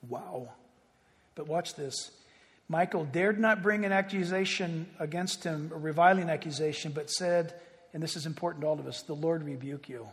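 A man pastor preaching a sermon, animated, swinging between loud exclaims and hushed asides. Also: on the high side, normal speed. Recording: reverberant hall.

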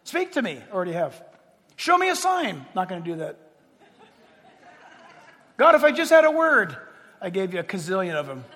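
A man's voice: high voice, big pitch swings, normal speed, long pauses, a bit bright. A preacher voicing God, blunt and fatherly. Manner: blunt, matter-of-fact, kindly. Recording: long echo of a large hall.

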